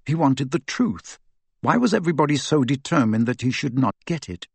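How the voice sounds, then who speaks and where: A man reading a novel aloud as audiobook narrator, in a lively storytelling manner. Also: medium pitch, moderate pace, creaky, breathy edge, dry recording. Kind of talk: scripted narration.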